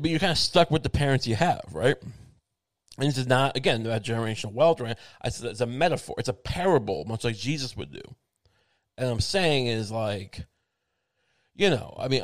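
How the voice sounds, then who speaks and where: A man's voice: medium pitch, no room sound, clean studio sound. A man hosting his show in a meandering, wry casual monologue, thinking aloud with many restarts. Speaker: show host.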